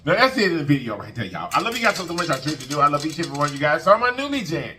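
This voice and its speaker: His voice runs on the high side, sing-song and rapid-fire with a sharp tone and a slight hiss or hum. This mukbang vlogger shares an emotional personal story casually, repeating himself, addressing viewers as y'all, and thanking God often.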